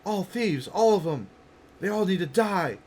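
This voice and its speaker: A man voicing a frantic, paranoid stranger who shouts that everyone is a thief. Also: sits high, expressive, unhurried, a little hiss or hum, voice pushed up. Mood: paranoid ranting.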